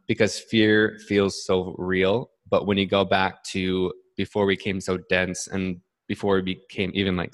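A man's voice: deep voice, fairly bright tone, big-room sound. A man hosting a casual interview, laughing along and asking long, loosely worded questions. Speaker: interviewer, host.

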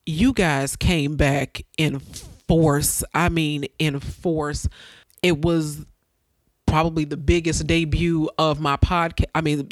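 A woman with a low-sitting voice, captured in a dry recording, hosts her own podcast. She delivers an earnest, preacher-like motivational talk, repeating phrases for emphasis.

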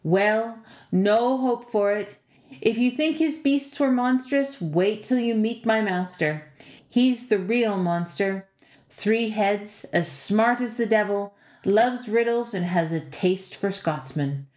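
A woman's voice: mid-range voice, slow pace, a little mellow, echoey room, natural voice. A woman playing a blunt old servant woman. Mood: warning. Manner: blunt, warning.

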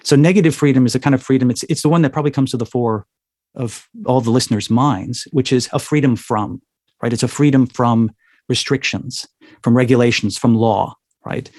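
A man's voice: mid-range voice, fairly quick, a little mellow, no echo, studio quality. Thoughtful man explaining ideas. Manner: thoughtful, lecturing, says "right?" often. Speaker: guest. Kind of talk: interview answer, explanatory.

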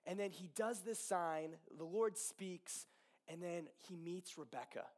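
A young man telling a Bible story in a casual, animated sermon, with fillers, asides and quick acted-out dialogue. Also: high-pitched.

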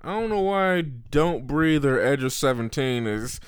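A man chats casually about movies, hesitating and thinking aloud, often trailing into soft laughs. His voice is smooth and clean. It sounds dry and close, with no room around it. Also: medium pitch, animated, measured pace, dry recording. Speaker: co-host. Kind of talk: casual chat.

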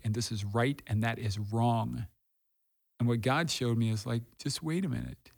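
With a creaky, mid-range voice, a middle-aged pastor gives an honest, heartfelt testimony about faith and difficult periods. He talks conversationally and repeats phrases to drive his points home.

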